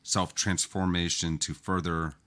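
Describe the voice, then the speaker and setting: A man co-hosting a podcast in casual chat, affirming his partner and quick to laugh. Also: sits low, level tone, a bit bright. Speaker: podcast co-host.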